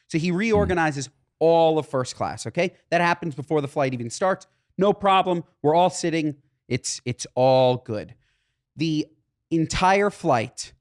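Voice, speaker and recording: Podcast cohost guy, slightly high voice, ranting about a story, animated. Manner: animated anecdote teller. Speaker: podcast co-host. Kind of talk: casual chat.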